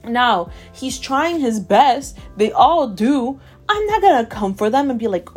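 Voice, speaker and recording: A woman's voice: sits high, very animated, measured pace, darkish tone, breathy edge, soft background music. A woman with a Southern American accent hosting a solo podcast, ranting emphatically and repeating herself for emphasis. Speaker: podcast host.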